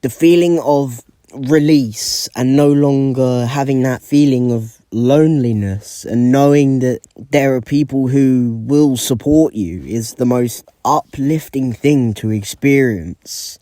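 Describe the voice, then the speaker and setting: A man speaking as a guest on a video commentary, sincere and measured. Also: medium pitch, warm tone, dry recording, studio quality.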